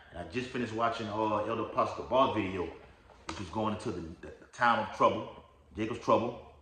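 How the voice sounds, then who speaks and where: Low-voiced man preaching in an echoey room. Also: normal speed, bright, forceful tone. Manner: rambling, repeats "all right?" and "okay?", reads scripture aloud. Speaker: lay preacher. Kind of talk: informal religious teaching video.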